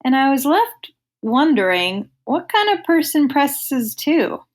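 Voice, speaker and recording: A woman's voice: high-pitched, sing-song, slow. A woman from the United States, a comedian guest on a podcast, chatting casually and telling jokes dryly in setup-and-punchline form.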